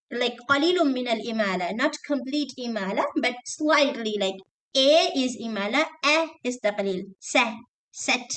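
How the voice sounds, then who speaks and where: A woman's voice: fairly high pitch, rough recording. Woman teacher giving an online lesson. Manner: explanatory, checks with "okay?", mixes in Arabic terms. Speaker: teacher trainer.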